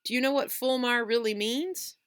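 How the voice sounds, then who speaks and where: A woman voices an amused father teasing his son, pitching her voice above her own natural range while staying close to an everyday voice. She speaks at a moderate pace, somewhat high, a bit bright, clear and resonant. The sound is clean studio audio with no room sound.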